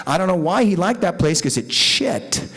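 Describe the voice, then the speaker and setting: A middle-aged man from Mexico tells his story at a recovery meeting, swearing freely and rambling with animated energy. His voice sits a bit higher than most men's. He talks candidly to a room of listeners. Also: moderate pace, husky.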